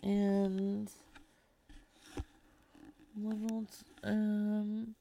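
A woman's voice: medium pitch, monotone, extremely slow, vocal fry, dark tone, a little hiss or hum. A woman streaming live, chatting casually with her audience and swearing freely.

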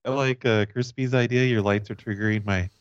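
A man making deadpan prank calls and chatting casually, halting with fillers as he talks. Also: on the low side, clean tone, dry recording. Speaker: prank-calling co-host. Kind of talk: prank call and casual chat. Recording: dull dry sound.

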